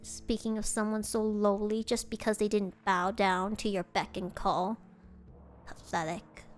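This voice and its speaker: A woman's voice: medium pitch, flat delivery, a little slow, natural voice. A woman voicing a cold, haughty male spirit who speaks with mocking contempt, in a fan-made dating game. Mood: contemptuous.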